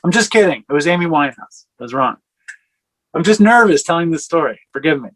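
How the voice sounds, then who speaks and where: A man's voice: fairly high pitch, animated, fast talker, a bit bright, no echo, poor audio. A man in his forties telling a candid personal recovery story over a video call, rambling with fillers and self-corrections. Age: 40s. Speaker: speaker sharing a recovery story.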